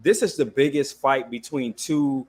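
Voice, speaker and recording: A man hosts a live boxing talk stream in a relaxed, conversational way. His voice sits at an ordinary middle pitch. He reads viewer comments aloud between his own thoughts. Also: a little slow, husky. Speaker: podcast host.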